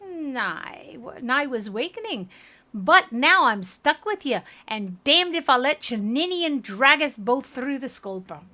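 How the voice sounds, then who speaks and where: A woman voicing a scornful awakened soul of a woman in a put-on Scottish accent, reading a game aloud with a slow, loud drawl. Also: high voice, sing-song, voice pushed up, full character voice. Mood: defiant.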